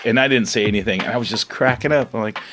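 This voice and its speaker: A middle-aged man, a fisherman, telling his own story in a casual, animated interview, laughing and leaning on "you know.". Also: mid-range voice, fast talker, music in the background.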